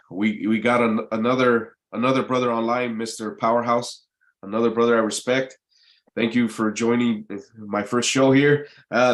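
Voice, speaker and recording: A man talks at an ordinary middle pitch, hosting his own live online show. He rambles loosely, stumbles over and repeats words, and drops casual swearing as he goes. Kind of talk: casual live-stream monologue.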